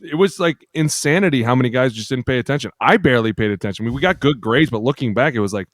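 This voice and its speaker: A man's voice: mid-range voice, lively intonation, rapid-fire, no room sound, studio quality. A former football lineman co-hosting a podcast, brash and profane in casual chat.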